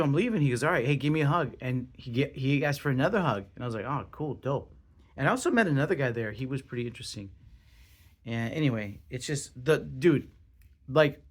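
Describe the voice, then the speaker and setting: A young man hosting his own podcast, talking casually in an excitable, rambling way with lots of swearing and restarts. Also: fairly high pitch. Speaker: podcast host. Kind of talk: casual solo podcast monologue.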